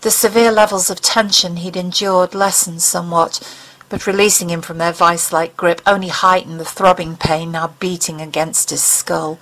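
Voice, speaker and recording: A woman reading a dramatic fiction audiobook, expressive and leaning into tense moments. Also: fairly low pitch, normal speed, rough recording. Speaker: audiobook narrator.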